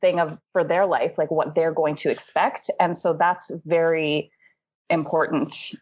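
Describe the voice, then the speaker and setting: Give me a young woman co-hosting a podcast, low voice, chatty and rambling. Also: fairly even intonation, unhurried, darkish tone, lo-fi sound. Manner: rambling, says "like" constantly, laughs often. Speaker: podcast co-host. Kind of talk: casual chat.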